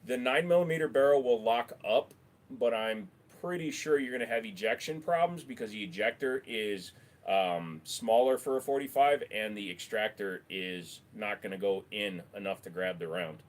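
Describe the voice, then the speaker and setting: A man's voice: fairly low pitch, normal speed. A man hosting a casual livestream, chatting offhand with viewers, rambling and swearing freely into a desk microphone. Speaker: livestream host.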